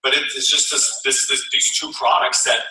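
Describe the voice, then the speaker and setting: A man giving an energetic, persuasive motivational speech at a sales event, repeating his key phrases to a roomful of people. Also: mid-range voice, normal speed, faint music behind. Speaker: speaker at a company sales event. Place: large room with an audience. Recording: echoey hall, mic from far off.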